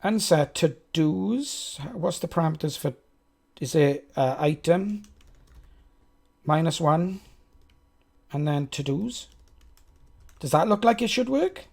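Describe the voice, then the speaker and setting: Man, Welsh accent, slightly high voice, thinking aloud while coding live, chatty, self-deprecating. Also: animated, slow, gravelly, pauses often, darkish tone. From Wales. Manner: chatty, self-mocking, talks to chat. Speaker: live-stream coder.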